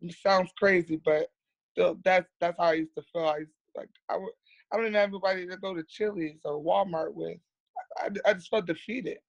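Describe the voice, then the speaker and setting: A woman's voice: fairly low pitch, steady tone, brisk, creaky, no echo, lo-fi sound. An earnest woman speaks as a guest on a podcast. She tells her story candidly and plainly. She often repeats words to stress them.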